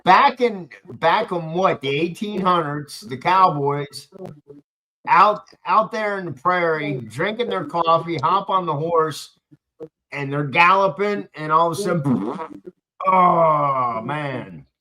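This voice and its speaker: A man's voice: a little high, a little slow, bright, forceful tone, rough recording. A man hosting a casual live stream, talking in an easygoing way with lots of fillers. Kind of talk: casual chat.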